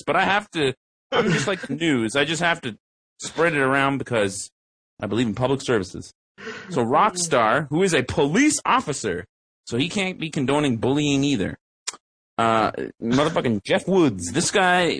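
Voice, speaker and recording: A man's voice: a bit bright, husky, dry recording. A man on a podcast, rambling and swearing through casual stories with a lot of swing in his voice. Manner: profane, rambling storytelling with big pitch swings. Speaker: podcast co-host.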